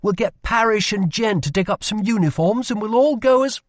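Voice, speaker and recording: A man voicing a brash, impulsive young prince, pitched well above his narrating voice. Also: lively intonation, moderate pace, no room sound, clean studio sound. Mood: eager. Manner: eager, impulsive, boastful.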